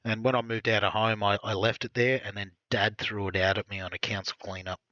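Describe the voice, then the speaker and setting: A man in his forties jokes around in relaxed stream chat, teasing like an old-timer. His voice is bright and forceful, picked up dry and slightly muffled. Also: fairly low pitch, a little fast, no room sound.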